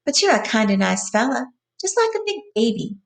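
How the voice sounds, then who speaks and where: A woman's voice: sits high, big pitch swings, fairly quick, far from the mic, pitched above the performer's own voice. Woman reading as a vain young ranch wife. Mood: teasing.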